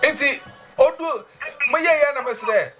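A man telling a personal testimony. He talks in an animated way, exclaims, acts out what people said, and addresses his listener as madam. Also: extremely high pitch, moderate pace, faint music behind. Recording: loud noise with clicks.

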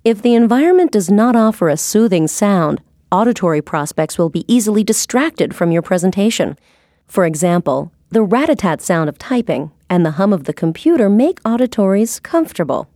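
A woman reading a scripted sales training narration in a measured, instructive way. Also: mid-range voice, very animated, warm tone, dry recording, studio quality.

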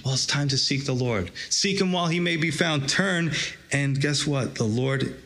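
A man's voice: mid-range voice, fairly quick, fairly bright tone. A man preaching a sermon, reading scripture aloud and drawing out its lesson with rising emphasis. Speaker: pastor.

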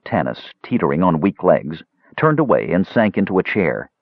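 Deep, husky male narrator. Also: sing-song, normal speed, dry recording, highs cut off. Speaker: audiobook narrator. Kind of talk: scripted fantasy narration.

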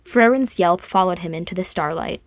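A woman narrating a fan fiction audiobook with calm, even storytelling. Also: on the low side, normal speed, no room sound. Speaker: audiobook reader.

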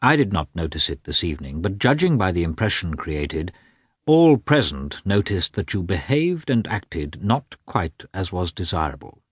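A man voicing a stiff middle-aged husband who speaks coldly, calmly and with deliberation. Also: deep voice, slightly rough, no echo, studio quality, heavily acted. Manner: cold, calm, deliberate.

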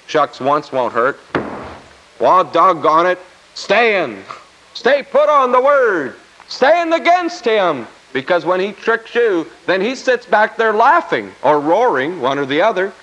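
A man's voice: high-pitched, fairly bright tone. A man preaching a sermon in a folksy, emphatic way, repeating scripture phrases for effect. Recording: dull lo-fi recording.

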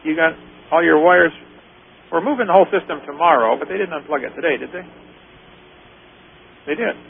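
A man's voice: on the high side, brisk, vocal fry. A man hosting a call-in radio show, joking and telling anecdotes while he takes callers. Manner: jokey, tells anecdotes with put-on quoted voices. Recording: tinny phone-line sound with faint hiss.

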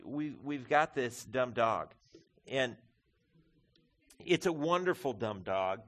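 A middle-aged man preaching from the pulpit in an easy, conversational way. His voice sits in an ordinary middle pitch. He drops low and soft for reflection, then rises and gets loud for emphasis. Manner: conversational, addresses listeners as folks. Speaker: pastor. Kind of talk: sermon.

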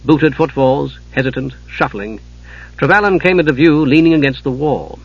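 A man reading an audiobook in a measured, dramatic narration, on a dull lo-fi recording. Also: medium pitch, slightly rough, no echo.

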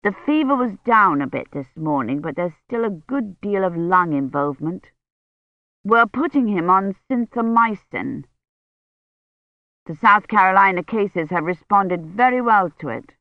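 A narrator voicing a brisk, indignant middle-aged woman doctor with a crisp, disapproving manner, in an audiobook. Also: mid-range voice, animated, no room sound, muffled recording. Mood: clinical.

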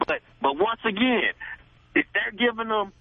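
High-voiced man calling in over phone. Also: expressive, moderate pace, no echo. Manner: emphatic, repeats phrases, slangy. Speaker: caller. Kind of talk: call-in radio talk. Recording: tinny phone line.

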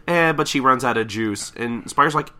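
Young male podcast co-host, very bright tone, animated, keeps breaking into laughter while acting out lines. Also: medium pitch, normal speed. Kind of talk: casual chat recapping a comic.

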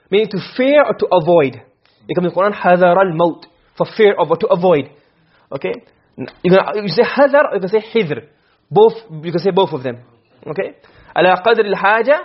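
A man's voice: high-pitched, husky. A man teaching a lesson in Arabic rhetoric, explaining step by step and often checking that his students follow. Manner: acts out short quoted exchanges. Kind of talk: classroom lecture. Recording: dull lo-fi classroom recording.

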